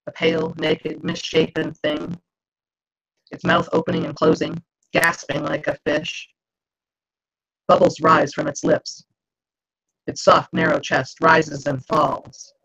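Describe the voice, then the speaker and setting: A woman author reading her own novel aloud in a slow, dramatic, expressive way over a video call. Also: low voice, creaky, slightly rough. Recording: dull lo-fi video call audio.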